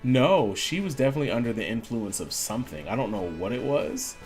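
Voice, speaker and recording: A gaming streamer talks a little fast in a mid-range voice while playing, with faint music behind him. He's an animated storyteller, chatting casually and acting out the voices of the people in his tales.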